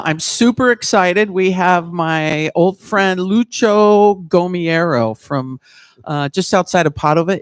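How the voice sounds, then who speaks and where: Man, enthusiastic anecdote, higher voice, dry close recording. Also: smooth, dry recording. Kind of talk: casual live chat.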